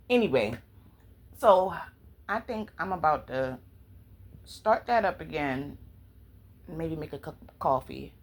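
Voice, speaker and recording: A woman's voice: low-pitched, animated, slow pace, long pauses, rough recording. A woman book vlogger in casual, chatty talk with sassy asides, at home. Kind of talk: casual chat.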